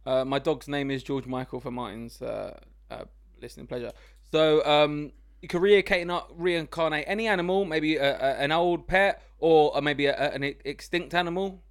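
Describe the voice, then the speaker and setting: A man hosting a comedy podcast, loud, teasing and often laughing. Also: a little high, normal speed, smooth. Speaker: podcast host. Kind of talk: casual comedy chat.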